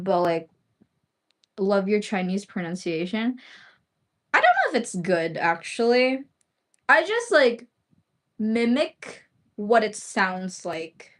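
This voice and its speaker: A woman's voice: medium pitch, sing-song, slow pace, pauses often. A young woman hosting her own livestream, chatting casually and rambling with many "like" and "um" fillers. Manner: rambling, heavy use of "like" and "um" fillers. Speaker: livestream host.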